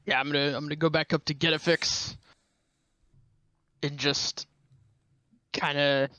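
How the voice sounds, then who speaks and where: Bright, dry-sounding joking player man. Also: fairly high pitch, level tone, a little slow, pauses often, dry recording. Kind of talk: playing a tabletop game.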